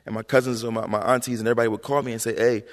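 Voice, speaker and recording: A man in his thirties, an author being interviewed before an audience, telling stories in an animated, slangy way and often tagging lines with "right?". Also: mid-range voice, rapid-fire. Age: 30s. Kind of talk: conversational storytelling on stage. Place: hall with a live audience. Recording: long reverb in a large hall.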